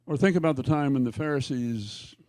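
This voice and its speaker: A male pastor preaching a sermon in church, telling the stories emphatically with jokey asides and quick self-corrections. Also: medium pitch, dark tone, no echo.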